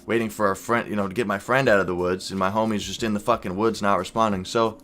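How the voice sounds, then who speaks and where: A young man vlogging, casually telling a wild night's story with lots of swearing and animated quoted voices. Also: fairly low pitch, fast talker. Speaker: YouTuber.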